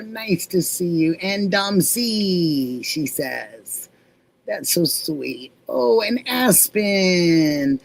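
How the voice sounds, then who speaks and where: Slow-talking woman telling a story. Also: on the low side, creaky. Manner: animated retelling, acting out quoted dialogue. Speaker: livestream host. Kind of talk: casual livestream storytelling.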